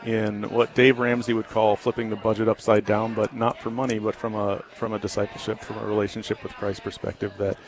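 A man answers questions as a guest on a talk radio show. He speaks earnestly but haltingly, with frequent ums and restarts, and his voice sits somewhat low. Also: little pitch movement, soft background music. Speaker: guest, ministry founder.

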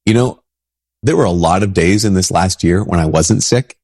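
Low husky man, a sick priest. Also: a little fast, a little mellow, dry recording, clean studio sound. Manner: casual, rambling, frequent restarts. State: sick with a stuffy nose. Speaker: Catholic priest. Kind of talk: conversational spiritual talk.

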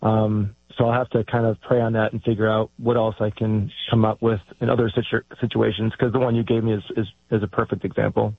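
A man's voice: on the low side, flat delivery, brisk, gravelly, hardly any pauses, no echo. Hesitant male caller on a tinny phone line. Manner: hesitant, many fillers and restarts. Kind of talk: call-in conversation.

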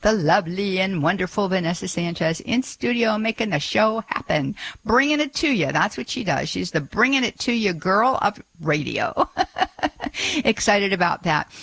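A woman's voice: medium pitch, dry recording. Woman, radio call-in host, chatty, filler words, dry studio sound. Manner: warm, chatty, with frequent fillers. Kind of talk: live call-in radio talk. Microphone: studio microphone.

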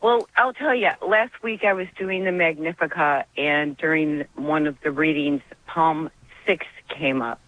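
A woman's voice: deep voice, a little slow. A woman calling in to a radio show, talking in an earnest, emotional, devout way. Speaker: caller. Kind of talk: call-in radio conversation. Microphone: phone. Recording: dull dry phone line.

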